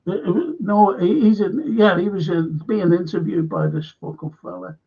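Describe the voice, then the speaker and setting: A man's voice: sits high, moderate pace, vocal fry, slightly rough. A man hosting a live stream, rambling bluntly and swearing often. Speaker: show host. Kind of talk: casual live-stream chat. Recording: dull lo-fi stream audio.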